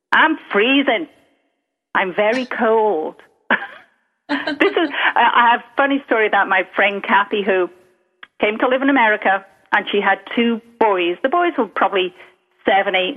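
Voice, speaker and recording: A middle-aged woman with a Liverpool accent, calling in and telling stories in a lively way, laughing often. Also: a little high. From Liverpool, England. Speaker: guest caller. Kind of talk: casual chat. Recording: tinny phone line.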